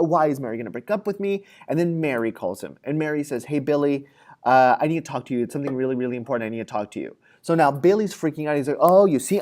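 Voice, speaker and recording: A man's voice: on the high side, a little mellow. A man giving a classroom lecture, talking casually with fillers and acting out everyday scenarios in quoted voices. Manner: conversational with frequent fillers. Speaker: psychology lecturer.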